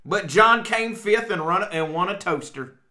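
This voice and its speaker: A man putting on a loud, slow southern drawl. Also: sits high, lively intonation, voice pushed up, exaggerated voice. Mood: hammy. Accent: put-on Southern US drawl.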